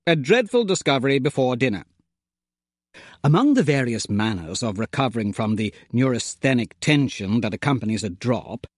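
A man's voice: mid-range voice, no room sound, clean studio sound. A man narrating a comic first-person story in an arch, playfully wordy manner. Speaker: audiobook narrator.

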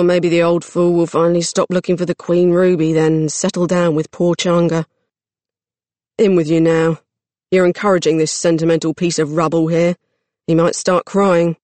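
Narrator putting on a grumpy bossy storybook troll, gruff and a bit loud, dry close mic. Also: mid-range voice, level tone, normal speed, dry recording, close to an everyday voice. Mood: grumbling. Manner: grumbling and bossy. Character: grumbling old troll, gruff and impatient.

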